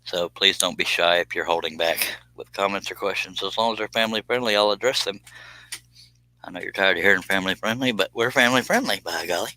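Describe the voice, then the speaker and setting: A man's voice: low-pitched, quick pace, sharp tone, low-quality recording. A man hosting a casual live stream, chatting in a folksy, joking way while he cuts on a scroll saw in his workshop. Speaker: livestream host.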